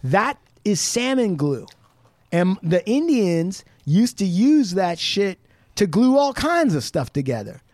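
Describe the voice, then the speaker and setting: A man's voice: high voice, sing-song, slow, a little mellow, no room sound. A man from the Pacific Northwest US, a podcast guest rambling in casual chat with lots of "like" and swearing. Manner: rambling, profane, full of "like".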